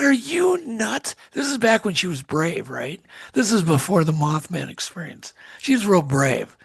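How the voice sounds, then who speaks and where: Gravelly, husky man telling a story. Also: a little high. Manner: animated storyteller, acts out quotes. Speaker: guest. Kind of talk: storytelling in a podcast interview.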